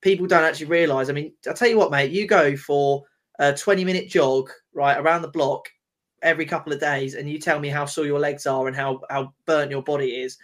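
A man's voice: a little high, fairly even intonation, a little fast, a bit bright. A man, co-hosting a football podcast and talking in a heated, exasperated way, swearing freely. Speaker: podcast co-host. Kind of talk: casual football chat.

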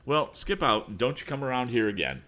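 A man's voice: mid-range voice, sing-song, fairly quick, fairly bright tone, pitched above the performer's own voice. A man voicing a stern young male inventor in a storybook reading. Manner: stern, commanding.

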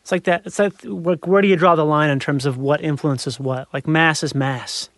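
A man with a notably high voice talks in a loose, rambling way, piling on fillers and breaking into laughs as he goes. The sound is close and dry, with no room around it. He keeps the conversation lively and animated. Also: normal speed, no echo. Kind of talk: casual chat.

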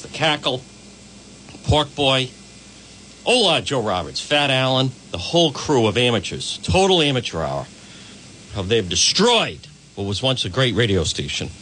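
A man's voice: a little high, pushed and bright, a little hiss or hum. A man hosting a morning radio talk show, boisterous and exuberant, greeting listeners by name.

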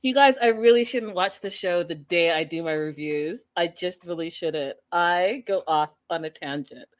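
A young woman chatting casually to her viewers in an animated, gossipy way as she reviews a reality show. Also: lowish voice, moderate pace. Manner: animated, gossipy, says y'all.

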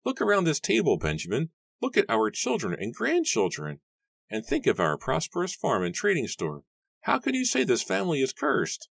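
A man's voice: medium pitch, wildly swooping pitch, moderate pace, hardly any pauses, no echo, voice pushed up. A man voicing a jovial, portly older farmer who speaks heartily and cheerfully.

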